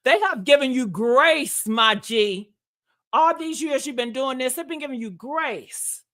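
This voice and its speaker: A woman's voice: high voice, lively intonation, unhurried, sharp tone. A woman hosting a gossip livestream, brash and profane, talking in a casual style and calling viewers honey and baby.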